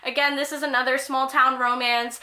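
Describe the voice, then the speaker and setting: A woman's voice: sits high, level tone, normal speed, pushed and bright. A young woman chatting casually about her new books as a vlogger, gushing and enthusiastic, with many "like" fillers. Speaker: book vlogger. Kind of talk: casual book haul chat.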